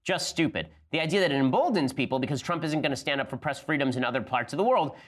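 Rapid-fire sardonic male podcast host. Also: fairly high pitch, animated. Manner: rapid-fire, sardonic, talks in quick bursts. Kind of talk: fast political commentary with a read ad.

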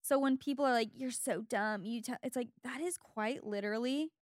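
A young woman with a Valley Girl accent, talking in a chatty, animated way with a light vocal fry. Her voice sits a bit high. The recording is close and dry. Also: fairly quick, dry recording. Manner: chatty, animated, lots of fillers. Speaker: podcast co-host. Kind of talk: casual chat.

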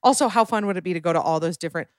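A woman's voice: fairly low pitch, no room sound, clean studio sound. A woman hosting a podcast, bubbly and chatty, talking casually with her partner. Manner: bubbly, chatty, quick bursts. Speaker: podcast host. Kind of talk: casual chat.

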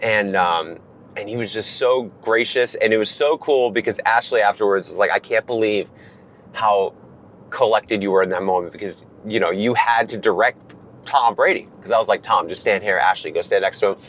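A man in his thirties, animated, telling a long story in casual chat from a car and acting out the lines of others. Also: on the low side, moderate pace, slight background noise. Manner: animated, acts out quotes from others. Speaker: guest.

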